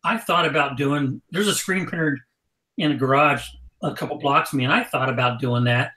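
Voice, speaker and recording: Male co-host, casual and jokey, mid-pitched, echoey room. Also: normal speed, pushed and bright. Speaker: podcast co-host. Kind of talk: casual chat.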